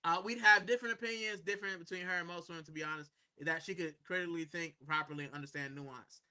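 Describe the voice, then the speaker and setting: A man hosting a live stream from a corner at home, his voice sitting high and sounding very bright and forceful. He rambles loosely and casually, answering viewers' comments and dropping "bro" into almost every sentence. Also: fairly even intonation, fast talker, smooth. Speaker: livestream host.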